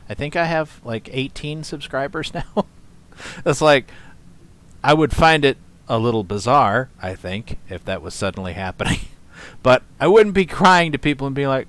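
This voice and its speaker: Man, reaction commentary host, rambling, profane, scoffing, mid-pitched voice. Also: moderate pace, a bit bright.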